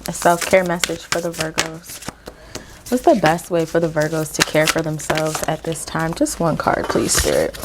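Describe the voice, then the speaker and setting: A woman's voice: deep voice, background noise. A woman giving a casual tarot reading to her viewers, encouraging them and checking in with "okay?" as she goes. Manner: encouraging, addresses viewers directly with frequent "okay?"; reads aloud from a guidebook in slow measured phrases. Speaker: tarot reader.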